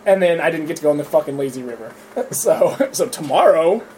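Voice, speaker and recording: Young man, high voice, profane laughing storyteller, casual chat, light background hiss. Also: very animated, brisk, darkish tone. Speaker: storyteller among friends.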